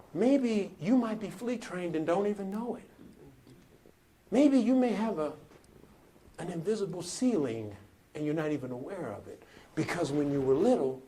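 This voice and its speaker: A man with a high voice delivers a motivational speech in a preacherly cadence. He tells his story in a call-and-response style and swells to shouts at its peaks. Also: a little hiss or hum. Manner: builds to shouting. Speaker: motivational speaker.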